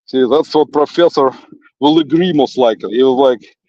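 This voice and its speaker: This livestream host, a man with a non-native English accent, strolls through a forest delivering a meandering, teasing monologue aimed at an absent critic, laughing now and then. His voice is mid-range and slightly mellow at a moderate pace. The recording is dry, with the dull, lo-fi quality of a phone.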